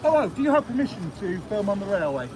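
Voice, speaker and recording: A man's voice: high voice, very animated, fast talker, darkish tone, poor audio. A man working as a railway official, scolding a filmer outdoors by a station. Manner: scolding, reproachful.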